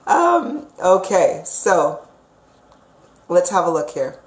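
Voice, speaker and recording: A woman's voice: on the low side, big pitch swings, slow. A woman giving live psychic readings, chatty and rambling, who affectionately calls her viewers sweetheart. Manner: chatty and rambling, with frequent fillers and restarts. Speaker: psychic reader. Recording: echoey room.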